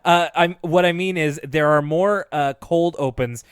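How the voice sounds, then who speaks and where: A man's voice: on the high side, unhurried, clean tone, no room sound, studio quality. A man co-hosting a podcast, casually recapping a cartoon episode, rambling and laughing often. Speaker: podcast co-host.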